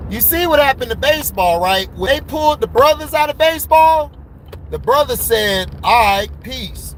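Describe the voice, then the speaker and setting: A man giving a casual, blunt sports commentary rant, excitable and laughing often between his points. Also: very high-pitched, moderate pace, slight background noise, low-quality recording.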